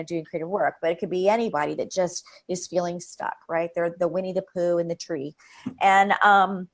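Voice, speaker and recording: A woman speaking as a creativity expert in a live interview, energetic and rambling, with frequent fillers and laughs. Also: mid-range voice.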